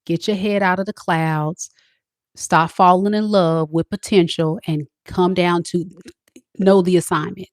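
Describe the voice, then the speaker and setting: Low-pitched woman, tarot reader lecturing her female viewers bluntly, dry close recording. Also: fairly even intonation, measured pace, dry recording. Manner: blunt, preachy, talks straight to the women watching. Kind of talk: direct-to-camera advice talk.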